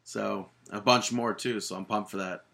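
A young man co-hosts a laid-back podcast with a sharp, very bright voice. He sounds keen, laughs easily and often leaves sentences unfinished. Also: lowish voice, fairly even intonation, normal speed, gravelly. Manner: enthusiastic, laughs often, trails off mid-sentence. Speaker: podcast co-host. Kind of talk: casual podcast chat.

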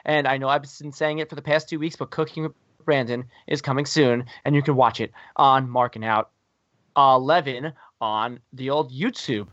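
A man's voice: medium pitch, fairly even intonation, normal speed, fairly bright tone, no echo. A man hosting a podcast in casual chat, rambling and jokey with lots of fillers. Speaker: podcast host. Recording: dry, dull lo-fi recording.

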